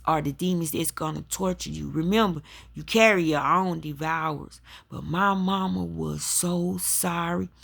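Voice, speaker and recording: Woman host, slow unhurried delivery, emphatic preacher's testimony to her audience. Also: lowish voice, creaky, fairly bright tone. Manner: emphatic, addresses listeners as y'all. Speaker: spiritual talk host.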